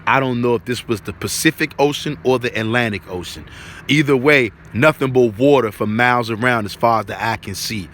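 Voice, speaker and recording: A man's voice: medium pitch, a little fast, fairly bright tone, a little hiss or hum. A man giving an earnest spoken religious testimony, repeating himself and checking in with tag questions.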